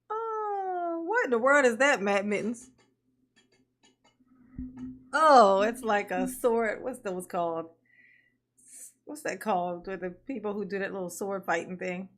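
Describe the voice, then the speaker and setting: A woman's voice: medium pitch, lively intonation, slow, long pauses, fairly bright tone. A woman hosting a casual livestream, greeting her viewers by name, laughing often and calling them honey and baby. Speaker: livestream commentary host.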